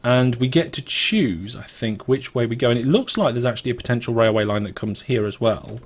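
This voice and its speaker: A man's voice: medium pitch, brisk, husky. Chatty British man thinking aloud. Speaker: let's play host. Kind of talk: casual gameplay commentary.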